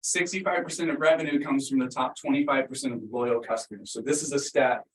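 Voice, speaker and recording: A man's voice: medium pitch, fairly even intonation, fast talker, recorded from a distance. A man giving a casual, upbeat talk to a live audience, with lots of fillers. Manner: upbeat and conversational, many fillers. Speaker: speaker at a business workshop. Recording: echoey room, voice from afar.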